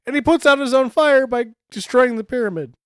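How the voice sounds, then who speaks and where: A man's voice: very high voice, brisk, fairly bright tone, clean tone, no echo, studio quality. A man co-hosting a podcast, arguing about plot holes in an amused, casual way. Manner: picks apart the plot, argumentative and amused. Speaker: podcast co-host. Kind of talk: casual chat riffing on a bad movie.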